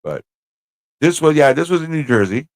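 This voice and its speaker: A man hosting a casual livestream, telling stories in an animated way, swearing and slipping into put-on voices. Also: fairly high pitch, moderate pace, no echo. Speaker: host.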